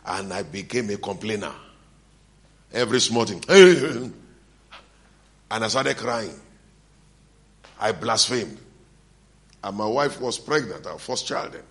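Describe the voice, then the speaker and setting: A middle-aged male preacher with a low voice and a bright, forceful edge. He tells stories from the pulpit and acts out the lines of the people in them. He laughs now and then between lines. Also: expressive, measured pace, creaky, pauses often. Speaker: pastor. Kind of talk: sermon.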